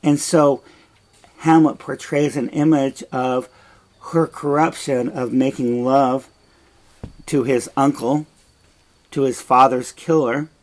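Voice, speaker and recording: A man's voice: mid-range voice, darkish tone, low-quality recording. A man teaching a play line by line, retelling it in blunt, frank plain words.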